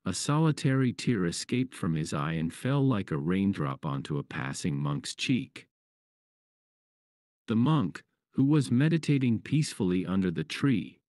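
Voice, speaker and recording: A man telling a fable in a calm, measured storytelling manner. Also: low-pitched, no room sound, studio quality. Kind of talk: scripted story narration.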